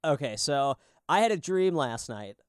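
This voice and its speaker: A man's voice: on the high side, big pitch swings, normal speed, clear, resonant tone, no echo, studio quality. A man co-hosting a podcast in casual chat, rambling and swearing often as he tells stories. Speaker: podcast co-host. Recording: lo-fi podcast audio.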